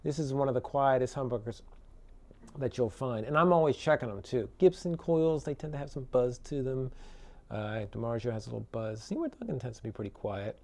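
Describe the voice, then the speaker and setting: A man who builds guitars, casually demoing one in a relaxed, chatty way with lots of fillers and tag questions, electric guitar playing between his remarks. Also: mid-range voice, a little fast. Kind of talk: casual product demo talk.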